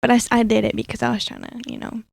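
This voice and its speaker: A young woman co-hosting a podcast, telling an animated story in casual chat and calling people "bro". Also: fairly high pitch, rapid-fire, creaky, no echo. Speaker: podcast co-host.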